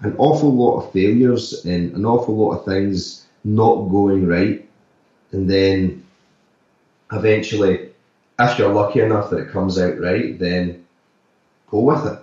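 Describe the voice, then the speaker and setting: An actor and musician talking loosely in an interview, full of "like" and "sort of" fillers. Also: male voice, lowish voice, a little slow, dark tone. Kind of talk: casual interview talk. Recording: echoey, distant, slightly dull remote audio.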